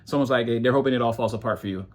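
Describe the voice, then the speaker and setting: A man's voice: mid-range voice, rapid-fire. A man giving a casual, rambling tarot reading, talking loosely and slipping into mocking voices when he quotes people. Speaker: tarot reader.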